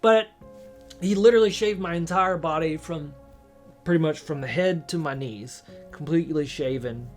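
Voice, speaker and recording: A man's voice: a little high, normal speed, soft background music. A young man candidly recounting a personal story to camera, rambling and emotional, often restarting his sentences. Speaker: vlogger.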